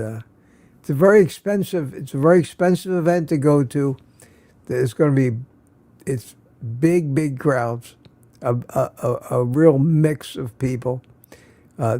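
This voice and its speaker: A man's voice: medium pitch, mellow. Tired older man chatting on a live stream. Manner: halting, many restarts and fillers. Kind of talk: casual live-stream chat.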